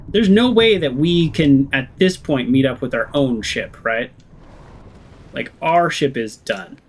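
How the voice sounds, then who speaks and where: A man's voice: mid-range voice, low-quality recording. A man playing through a video game and commenting as he goes, musing aloud in a sarcastic, grumbling way. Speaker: gaming channel host. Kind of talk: let's play commentary.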